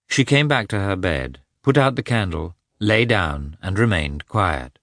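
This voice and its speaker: A man narrating a classic novel aloud in a measured, expressive reading. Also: low voice, dry recording, studio quality. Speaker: audiobook narrator.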